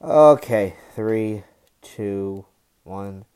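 A man hosting his own podcast in a solo rant, his voice sitting low and his words dragging out slowly. He sounds fed up, with heavy sighs, swearing and stop-start phrasing between sudden louder bursts. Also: clear, resonant tone. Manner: low, deliberately slow annoyed voice with sighs and profanity; halting restarts between outbursts. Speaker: podcast host.

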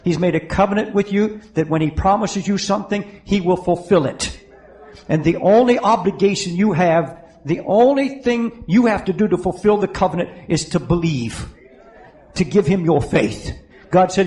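Male pastor, fervent pleading sermon, high voice, in church. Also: normal speed, a little mellow, rough recording. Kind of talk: sermon with altar-call prayer. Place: church in front of a congregation.

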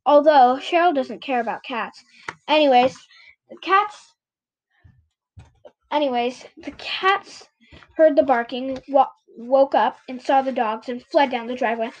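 A woman's voice: high voice, fairly even intonation, moderate pace, a little mellow, muffled recording. A woman reading a children's book aloud, often stumbling and correcting herself. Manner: frequent stumbles and self-corrections. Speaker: reader.

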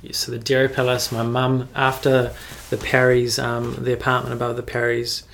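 A young man with a New Zealand accent spins loose, rambling anecdotes in casual conversation. His voice sits mid-range with a gravelly, creaky texture. He fills gaps with "like" and "um" as he goes. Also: medium pitch, monotone, normal speed, a bit bright, a little hiss or hum. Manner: rambling storytelling with frequent "like" and laughs. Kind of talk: casual chat.

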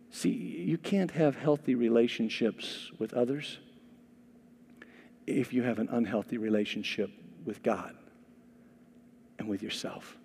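A man preaching a sermon as a pastor, telling stories with animated, lively acted-out dialogue. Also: mid-range voice, big-room sound. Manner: animated storytelling, acting out quoted voices. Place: church sanctuary.

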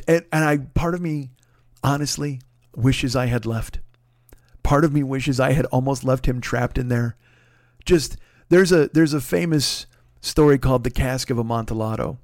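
Exasperated and swearing constantly, a man who is a comedian and show host rants his way through a comic story loaded with rhetorical questions. His voice is mid-range with a darkish tone, and the recording is dry with clean studio sound.

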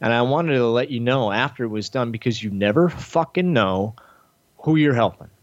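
This podcast host, a man speaking at normal speed, tells a long casual story loaded with swearing. The sound is lo-fi with no echo, and his animated, profane telling features other people's lines voiced with big jumps in pitch.

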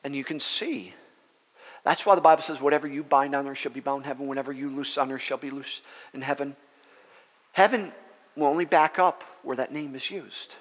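Man, pastor, sermon storytelling, animated acted-out quotes, mid-pitched voice, reverberant church hall. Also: brisk.

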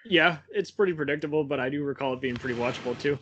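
A man's voice: mid-range voice, fast talker, fairly bright tone, husky, dull audio. Chatty man laughing through movie talk. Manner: rambling, laughs often between points. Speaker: podcast co-host. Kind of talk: casual film chat.

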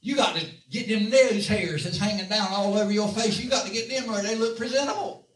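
Preacher guy with a high voice, asks the room for amens, echoey church mic from far off. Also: a little fast, a bit bright. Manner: call-and-response preaching, asks the congregation for amens. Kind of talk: sermon. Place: church sanctuary.

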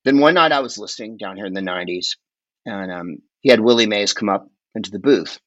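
A man telling long, rambling, animated stories in casual chat as a podcast guest, often swearing along the way. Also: on the low side, brisk, no room sound, lo-fi sound. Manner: rambling, animated, profane storyteller.

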